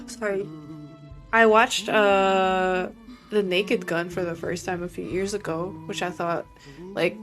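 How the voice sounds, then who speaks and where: A young woman streaming a game, chatting casually and sleepily with her chat, rambling with many fillers. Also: mid-range voice.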